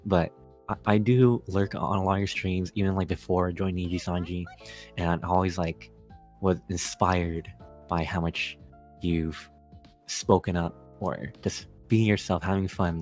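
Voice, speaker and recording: Shy, very deep-voiced man. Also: steady tone, a little mellow, soft background music. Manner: shy, halting, sincere. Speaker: fellow streamer saying goodbye. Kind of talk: casual voice-call chat.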